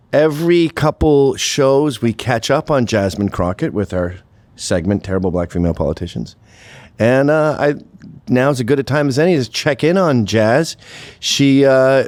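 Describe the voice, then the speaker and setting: A man's voice: medium pitch, a little mellow, no room sound. A man hosting a show, talking through a sarcastic, profane monologue and laughing at his own jokes. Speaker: host. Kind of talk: casual monologue commentary.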